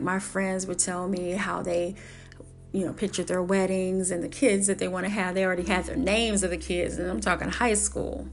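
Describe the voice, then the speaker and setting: A woman's voice: on the low side, gravelly. A woman earnestly telling a personal story, repeating her phrases and acting out old conversations. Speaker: speaker sharing her life story.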